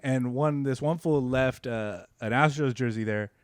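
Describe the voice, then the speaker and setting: A young man, riffing on a comedy podcast. His delivery is loose and profane, and his pitch leaps up whenever a story gets going. The sound is dry and close on the mic. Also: moderate pace, clean tone, dry recording. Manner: loose and profane, voice jumps high when storytelling. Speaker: podcast co-host. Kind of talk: casual comedy podcast chat.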